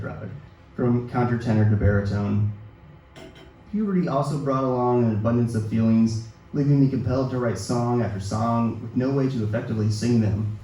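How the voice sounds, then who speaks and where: At a book release event, a man in his thirties reads his own personal essay to a live audience, measured and quietly self-deprecating. His mellow, dark, middle-pitched voice is recorded well off the mic from a distance, echoing around a very reverberant hall over faint hiss.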